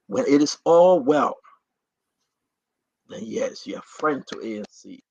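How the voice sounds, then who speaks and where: A man hosting a talk show, giving impassioned, repetitive political commentary in a husky, gravelly voice. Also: a little high, slow, long pauses, no echo. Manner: repetitive, rising to animated outbursts. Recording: dry, dull lo-fi audio.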